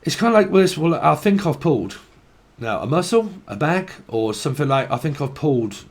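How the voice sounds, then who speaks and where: This tarot reader's voice is a little high, very animated and brisk. He delivers a casual channelled reading, wandering from thought to thought, laughing a lot and swearing offhandedly.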